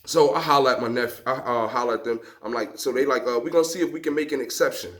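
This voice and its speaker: A man vlogging from an outdoor home gym, telling a story to his viewers in a lively, emphatic way while working a rowing machine. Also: quick pace. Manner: lively, emphatic storyteller, acting out quotes with big pitch jumps.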